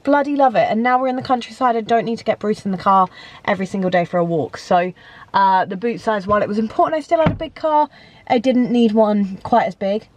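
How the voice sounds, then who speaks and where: A woman's voice: mid-range voice, fairly quick, slight background noise. A British woman in her thirties chatting casually to camera in a rambling, self-deprecating vlog. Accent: British English. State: pregnant. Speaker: vlogger.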